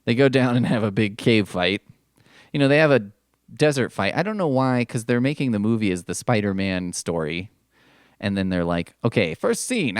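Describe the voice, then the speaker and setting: A man hosting a podcast, giving a casual comic recap with profane, sarcastic asides and quick mock voices. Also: on the low side, expressive, clear, resonant tone, no room sound, clean studio sound. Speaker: podcast host.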